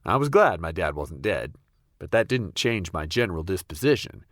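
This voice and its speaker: Brief: young male storyteller, very low voice, deadpan, dry close mic. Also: normal speed, no room sound. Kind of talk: comedic first-person storytelling.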